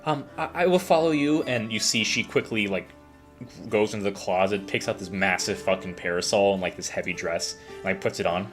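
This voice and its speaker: A man's voice: low voice, little pitch movement, brisk, fairly bright tone, faint music behind. A man narrating a tabletop game as game master, in a casual, rambling way with many fillers.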